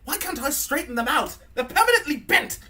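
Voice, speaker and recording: A man voicing a foul-mouthed, drunk, fussy male robot butler with a put-on British accent and shrill squawking outbursts. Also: sing-song, fairly quick, sharp tone, heavily acted. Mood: indignant.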